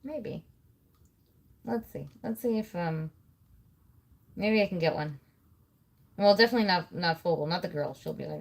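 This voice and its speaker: A woman's voice: mid-range voice, lively intonation, normal speed, creaky, pauses often, darkish tone. A woman in her thirties hosting a casual livestream from home, rambling and swearing freely while she works at her computer. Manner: chatty, swears freely, thinks aloud. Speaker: livestream host.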